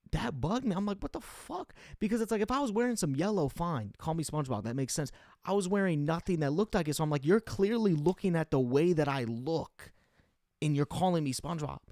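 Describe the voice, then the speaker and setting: A man's voice: fairly high pitch, lively intonation, normal speed, a little mellow, dry recording, studio quality. A young man telling a rambling, profane comic story in a casual monologue, full of fillers and restarts.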